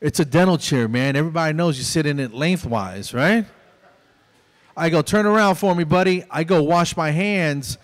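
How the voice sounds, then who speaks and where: A man's voice: a little high, moderate pace. A man in his fifties doing a stand-up comedy routine on a small club stage, telling stories and acting out both sides of each exchange.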